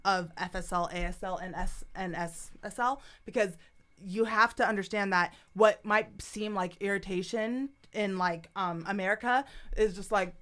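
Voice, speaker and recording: A woman's voice: mid-range voice, moderate pace, a bit bright. A young woman guest in casual chat, explaining at length with many "like"s and "um"s. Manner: chatty, explaining with many fillers.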